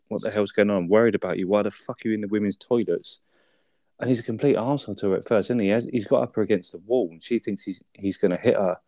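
Mellow low-voiced man. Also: no echo. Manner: sweary, chatty, tag questions. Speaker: podcast co-host. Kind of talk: casual film review chat.

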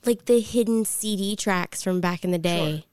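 Very smooth-voiced woman, podcast editor. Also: medium pitch, normal speed, no room sound. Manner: relaxed, explains plainly with many fillers. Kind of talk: casual podcast chat.

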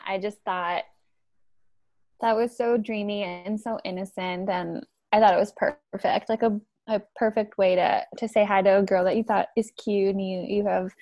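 A woman's voice: medium pitch, fairly even intonation, moderate pace, a little mellow, no room sound. A woman co-hosting a podcast, chatting casually and agreeably about a TV show. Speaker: podcast co-host.

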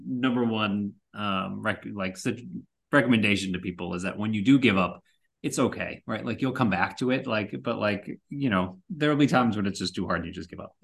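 Gravelly low-voiced man giving advice. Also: a little fast, fairly bright tone. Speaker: podcast guest. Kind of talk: casual chat.

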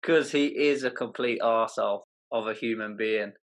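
A man's voice: lowish voice, moderate pace. A man from England with a British accent, a guest judge on a casual chat show, dry and blunt. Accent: British English.

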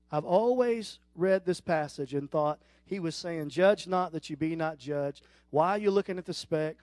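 High-voiced preaching man. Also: no echo. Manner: preaching with rhetorical questions and emphatic rises; teasing the congregation. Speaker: pastor. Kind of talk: sermon.

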